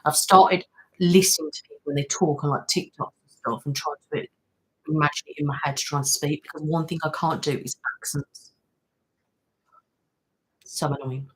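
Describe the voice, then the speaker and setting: Woman, ASMR host, low husky voice, casual live-stream chat. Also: steady tone, normal speed, long pauses, fairly bright tone, rough recording. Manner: chatty, thanks viewers by name, trails off. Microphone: studio mic.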